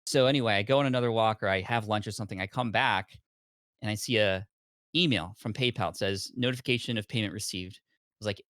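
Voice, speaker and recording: Lively low-voiced man telling his story. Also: fast talker, no room sound, studio quality. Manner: animated storyteller acting out his past self. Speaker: podcast guest. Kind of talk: storytelling in conversation.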